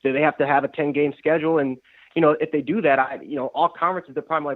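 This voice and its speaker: Fast-talking male caller on a phone line. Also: a little high, fairly even intonation, dry recording. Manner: quick, hesitant questions with many fillers. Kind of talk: casual sports talk. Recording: tinny dry phone line.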